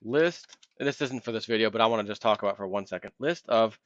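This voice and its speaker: A man's voice: lowish voice, quick pace, dry recording, dull audio. A man hosting a solo commentary video, ranting in a heated, impassioned way and acting out imagined callers.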